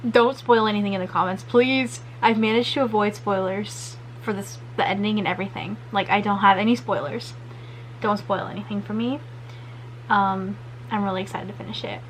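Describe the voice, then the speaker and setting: A woman's voice: medium pitch, steady tone, normal speed, a little hiss or hum, rough recording. A young woman chatting casually through a crochet craft vlog, rambling and upbeat. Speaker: crochet vlogger.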